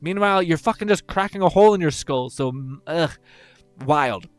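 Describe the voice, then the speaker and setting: A man's voice: on the high side, animated, normal speed, no room sound, faint music behind. A young man streaming, rambling and swearing casually while reading chat, laughing often.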